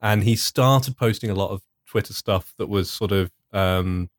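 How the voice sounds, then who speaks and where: A man in casual podcast chat, explaining in a measured way with many fillers. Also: on the low side. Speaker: podcast co-host.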